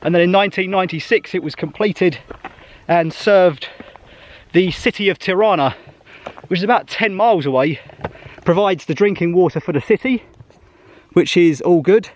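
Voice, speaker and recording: High-voiced man vlogging outdoors. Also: moderate pace, pauses often, a little hiss or hum. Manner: chatty, thinking aloud while walking. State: slightly out of breath on a hike. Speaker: travel vlogger. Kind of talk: casual travel vlog narration. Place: outdoors on a mountain trail by a lake.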